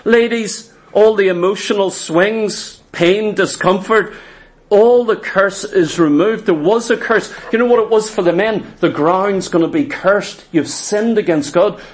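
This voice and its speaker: High-voiced fervent preacher. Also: male voice, unhurried. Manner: fervent, repetitive preaching cadence with rhetorical questions. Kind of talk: sermon.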